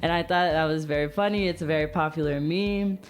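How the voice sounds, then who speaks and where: A woman co-hosting a podcast as an English teaching assistant, in a relaxed way of talking with easy laughter. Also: deep voice. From United States. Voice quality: relaxed, laughs easily, drawn-out phrasing. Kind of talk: casual podcast chat.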